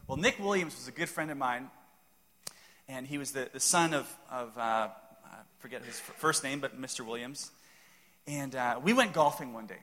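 Bright-voiced pastor preaching in a reverberant hall. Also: male voice, on the high side. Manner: animated, jokey storyteller with playful asides. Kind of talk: sermon with humorous storytelling.

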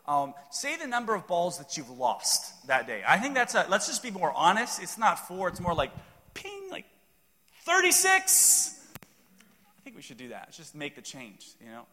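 A man with a high, bright, forceful voice preaches a sermon and spins a funny story with playful asides. His words ring out with a long reverb, as if in a large church hall. The delivery stays animated and jokey. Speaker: pastor.

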